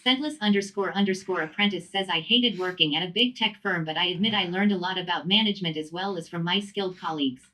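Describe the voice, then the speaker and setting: A synthetic woman's voice reads viewer messages one after another. The delivery is even and mechanical, and the pitch sits a little low. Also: fast talker, hardly any pauses. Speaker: text-to-speech chat reader. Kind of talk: reading out chat messages.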